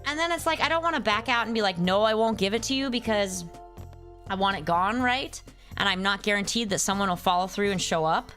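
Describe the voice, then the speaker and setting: A woman's voice: medium pitch, lively intonation, brisk, bright, forceful tone, soft background music. Exasperated woman streamer chatting. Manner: exasperated ranting, reads chat names aloud. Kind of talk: casual live-stream chat.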